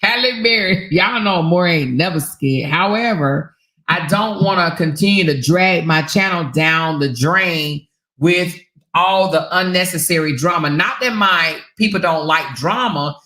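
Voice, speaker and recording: A woman's voice: lowish voice, unhurried, pushed and bright, echoey room. A woman hosting her own channel, chatting bluntly and profanely and laughing often as she comments to her viewers. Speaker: channel host. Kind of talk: casual live-stream commentary.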